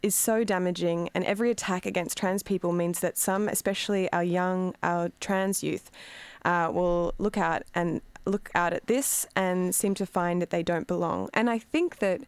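A woman's voice: lowish voice, steady tone, normal speed, clear, resonant tone, dry recording. A woman co-hosting a radio show, chatting casually with lots of fillers. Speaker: radio co-host.

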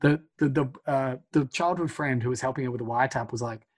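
Chatty man with a husky voice. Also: mid-range voice, brisk. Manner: chatty, filler-heavy, swears freely. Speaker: podcast co-host. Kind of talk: casual retelling of a film plot.

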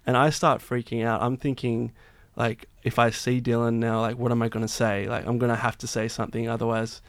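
A man's voice: mid-range voice, flat delivery, a little fast, no room sound. A man tells a long, winding anecdote in a casual chat. He restarts his sentences often and leans on fillers. His voice sits in a middle range, and the sound is dry and close. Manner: rambling, many restarts and fillers. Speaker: guest singer-songwriter.

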